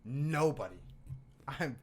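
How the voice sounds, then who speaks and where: A man's voice: medium pitch, expressive, slow, slightly rough. A man co-hosting a podcast in brash, profane, jokey casual chat. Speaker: podcast co-host.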